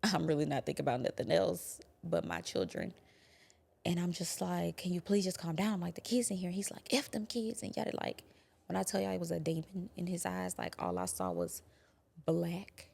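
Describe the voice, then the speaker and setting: A young adult woman quietly recounting a painful personal experience, halting and sometimes dropping to a whisper. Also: lowish voice, expressive, vocal fry. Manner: quiet, halting, drops to a whisper at hard moments. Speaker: guest telling her story. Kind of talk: personal testimony.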